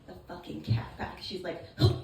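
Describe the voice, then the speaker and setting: A woman's voice: normal speed, a little mellow. A woman doing a stand-up comedy set at an open mic, telling a crude story with lots of swearing. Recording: echoey room, far mic, noisy.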